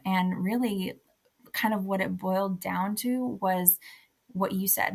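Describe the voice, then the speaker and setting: A woman's voice: lowish voice, gravelly. A young adult woman speaking as an author guest on a podcast. She talks in an earnest, reflective way. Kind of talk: casual podcast interview.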